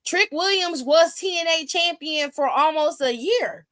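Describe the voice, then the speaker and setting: Woman w a high voice doing a casual stream, cussing n telling it straight. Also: unhurried, rough recording. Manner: animated, profane, blunt storytelling. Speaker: stream co-host. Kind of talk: casual wrestling chat.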